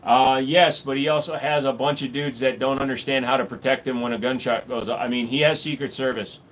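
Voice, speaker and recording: A streamer in a home room with a wall of guns answers his chat casually, rambling crudely and cracking jokes. His voice is medium-pitched, fairly even, a bit fast, and fairly bright, with a little hiss or hum.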